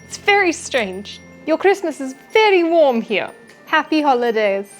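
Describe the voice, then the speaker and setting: A woman voicing a posh, overdressed lady with a vague foreign accent who speaks in an affected, drawn-out way. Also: high-pitched, big pitch swings, soft background music, pitched above the performer's own voice. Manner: affected, drawn-out, says darling.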